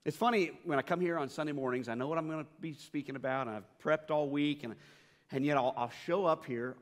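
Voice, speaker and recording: A man's voice: on the high side, brisk. A middle-aged man preaching a sermon as pastor, telling stories earnestly and repeating his key phrases for emphasis. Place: church sanctuary. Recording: reverberant church hall.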